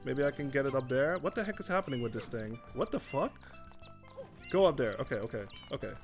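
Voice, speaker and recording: A man's voice: mid-range voice, expressive, brisk, faint music behind. A young man from the Netherlands chatting casually over gameplay, swearing often and restarting his sentences in exasperation. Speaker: gaming streamer.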